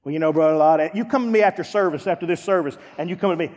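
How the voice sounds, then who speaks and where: A man pastor preaching a sermon, dropping to low asides and rising to shouts, acting out church members. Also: rapid-fire, hardly any pauses. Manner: acts out church members in quoted voices. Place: church sanctuary. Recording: long hall reverb.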